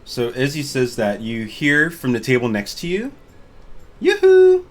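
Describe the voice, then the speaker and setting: A man narrating as game master of an online tabletop game, in an animated, chatty way. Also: mid-range voice, moderate pace. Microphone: video call.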